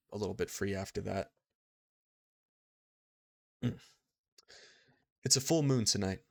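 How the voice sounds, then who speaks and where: This lowish male voice belongs to a game master running a tabletop game, reading scene narration and voicing side characters. He laughs easily and often stumbles, stopping to correct himself as he reads. The studio sound is clean, with no room sound.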